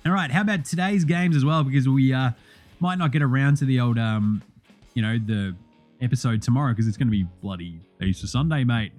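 A young Australian man hosting a sports podcast, rattling through results in a profane, excitable, joking way. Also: medium pitch, a little fast, soft background music. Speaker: podcast host.

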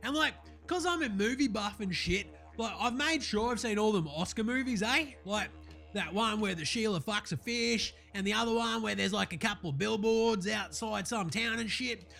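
A man's voice: high voice, moderate pace, creaky, pushed and bright, faint music behind, voice pushed up, full character voice. A man voicing a brash, crude young Australian bogan who rambles in slang about films.

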